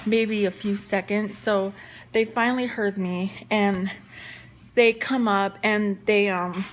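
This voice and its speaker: A woman's voice: mid-range voice, fairly even intonation, takes it slowly. Young woman, casual story-time vlog, chatty, fillers and restarts, faint hiss. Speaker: vlogger.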